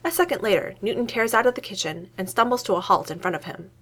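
A woman narrating a story aloud in an expressive reading voice. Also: mid-range voice, fast talker.

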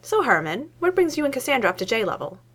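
A woman's voice: high-pitched, very animated, fast talker, fairly bright tone, pitched above the performer's own voice, heavily acted. A woman voicing a cheerful, cocky male scientist who talks breezily and boasts. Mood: breezy.

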